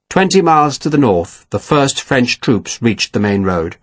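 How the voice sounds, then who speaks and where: A man narrating an audiobook with steady, expressive storytelling. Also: medium pitch, measured pace, few pauses, no echo. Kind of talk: scripted narration.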